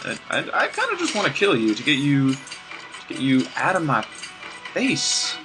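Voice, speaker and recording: A man's voice: a little high, wildly swooping pitch, moderate pace, rough recording. A man casually commenting on a video game he plays, rambling off-topic with restarts and sarcastic asides. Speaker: let's play gamer. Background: game music.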